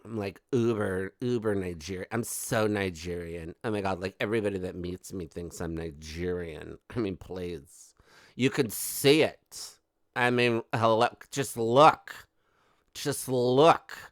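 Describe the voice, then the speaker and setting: A soft, self-absorbed celebrity woman, as a man mocks her, murmuring her lines lazily and slowly, thrilled with herself. The voice sits dry and close, with no room around it. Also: low voice, no room sound, voice pushed down. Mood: smug. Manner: soft, airy and self-absorbed, full of "oh my God" and "like". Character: mocking impression of a vain, scatterbrained celebrity woman.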